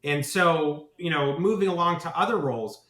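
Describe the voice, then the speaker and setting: Man, podcast guest, marketing founder, enthusiastic, rambling, slightly high voice. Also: normal speed, fairly bright tone, roomy sound. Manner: enthusiastic, rambling, with many "right?" tags. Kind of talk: podcast interview.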